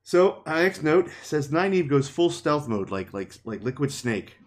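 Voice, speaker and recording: In a fairly high, sing-song voice and at a measured pace, a male podcast co-host walks through a fantasy novel chapter in casual book-discussion style. He adds playful quoted voices and laughs as he goes.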